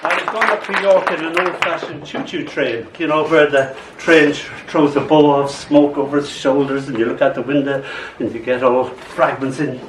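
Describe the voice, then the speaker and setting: Older guy reading his poems in a bookshop, soft storyteller, echoey room, some hum behind. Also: a little high, fairly even intonation, normal speed. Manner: soft, storytelling delivery with acted voices. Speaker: poet reading his own work. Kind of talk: live poetry reading. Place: small bookshop, indoors. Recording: roomy bookshop sound from a distance.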